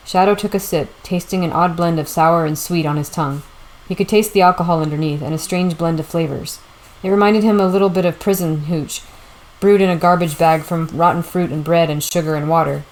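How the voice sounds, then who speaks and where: A woman reading a novel aloud as audiobook narration, steady and measured. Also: lowish voice, low-quality recording. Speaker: audiobook reader.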